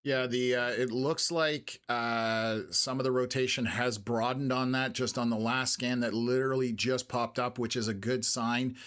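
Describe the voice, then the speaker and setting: A man hosting a live storm-tracking stream, talking in a halting way with many fillers while urging viewers to take shelter; his voice is going a little hoarse. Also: mid-range voice, steady tone, a bit bright. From Canada. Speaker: weather stream host.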